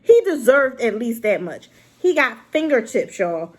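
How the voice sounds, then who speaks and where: A woman's voice: on the high side, very animated, unhurried. A woman reviewing a drama to camera in an unscripted, rambling rant, exclaiming and talking straight to her viewers. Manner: unscripted and unedited.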